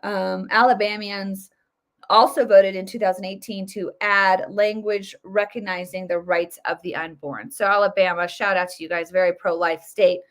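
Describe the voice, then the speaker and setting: A woman's voice: medium pitch, steady tone, moderate pace. A woman hosting a casual political commentary show, talking in a chatty, opinionated way with many fillers and restarts. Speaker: host.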